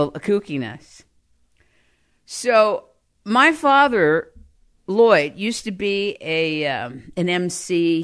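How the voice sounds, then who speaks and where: A woman telling comic family stories in an animated, exaggerated way, often breaking into laughter. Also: deep voice. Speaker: storyteller. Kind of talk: comic personal storytelling.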